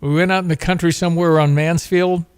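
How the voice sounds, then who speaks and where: A man's voice: on the high side, fairly even intonation, fast talker, a little mellow, clean tone, dry recording. A male talk show host with a slightly raised voice tells a story with earnest conviction. He leans on his points emphatically and turns them into moral lessons. His delivery feels like a personal talk-show monologue.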